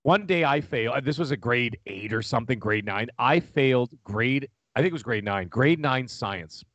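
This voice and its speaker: A man, chatting casually as a podcast co-host, rambling and animated. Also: medium pitch, moderate pace, dry recording, highs cut off. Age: 40s. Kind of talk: casual chat.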